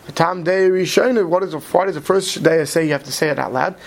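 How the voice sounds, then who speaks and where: A man teaching a study class, talking quickly and checking in with "right?" as he explains. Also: a little high, creaky. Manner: quick, mixes Hebrew terms into English, many "right?" checks. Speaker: Torah teacher. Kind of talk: Talmudic study lecture.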